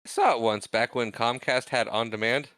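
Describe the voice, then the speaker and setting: A man's voice: medium pitch, moderate pace, a bit bright, clean tone, no echo. A man co-hosting a casual movie podcast, laughing often and reading out the credits. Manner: laughing, self-deprecating, reads credits aloud. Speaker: podcast co-host. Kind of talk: casual chat.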